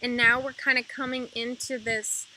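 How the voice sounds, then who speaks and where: A woman's voice: fairly high pitch, flat delivery, moderate pace, a little hiss or hum, low-quality recording. A woman giving a casual spiritual energy update, rambling with lots of fillers. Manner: soft repetitive mantra chanting. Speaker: intuitive energy reader.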